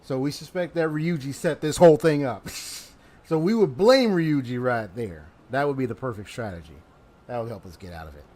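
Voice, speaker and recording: A man casually commenting on a game he is playing, animated and slangy, laughing often. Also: medium pitch, normal speed. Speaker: let's play host.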